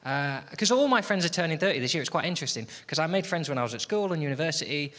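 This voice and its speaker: A man's voice: a little high, lively intonation, racing, fairly bright tone. A man in his late twenties doing a stand-up comedy set, wry and self-deprecating, with rambling asides. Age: late 20s. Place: comedy venue stage before a live audience. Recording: noisy live comedy recording.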